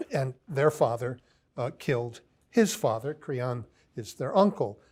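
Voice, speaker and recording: A man giving a philosophy lecture, pausing often with ums and restarts as he reads quoted lines aloud. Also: medium pitch, darkish tone. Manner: halting, many ums and restarts.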